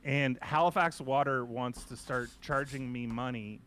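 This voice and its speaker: A man's voice: medium pitch, measured pace, fairly bright tone. A man hosting a casual art podcast, telling rambling stories with many restarts. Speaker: host.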